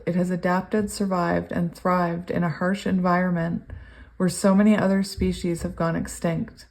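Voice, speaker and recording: Woman tarot reader, lowish voice, gushing and giggly, reads card messages in steady cadence. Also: creaky. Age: adult, long sober. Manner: excitable, gushing, laughs often. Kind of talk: pick-a-card tarot reading.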